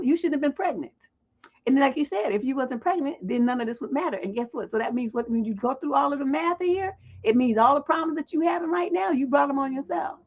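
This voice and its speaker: A woman hosting a livestream relationship advice show, talking blunt, profane and scolding. Her voice sits fairly high with a husky edge. The audio is dull and lo-fi. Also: lively intonation, quick pace. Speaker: relationship coach and livestream host.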